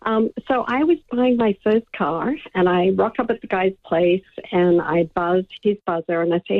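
A woman calling in to a radio show, telling an embarrassing story in a casual, animated way with frequent laughs. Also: mid-range voice, moderate pace, few pauses. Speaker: radio caller. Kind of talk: casual phone chat. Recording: tinny phone line.

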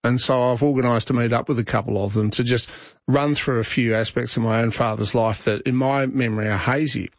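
A man's voice: mid-range voice, steady tone, brisk, no room sound. A middle-aged Australian man hosting talkback radio, chatting in a rambling way with restarts. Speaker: radio host. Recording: dry, slightly dull studio sound.

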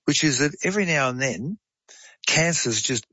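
A man's voice: a little high, expressive, moderate pace, bright, forceful tone, breathy edge, no room sound. Male guest, conversational explainer, dry, dull lo-fi sound. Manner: chatty, digressive, uses fillers and asides. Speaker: guest explaining medical science. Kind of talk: casual explanatory storytelling.

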